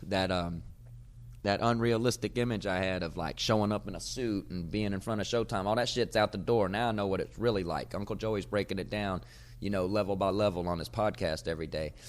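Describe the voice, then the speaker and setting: A man, a comedian hosting his podcast, telling a casual, profane story and getting loud when he acts out old arguments. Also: sits low, brisk. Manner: profane, animated storyteller who gets loud acting out arguments.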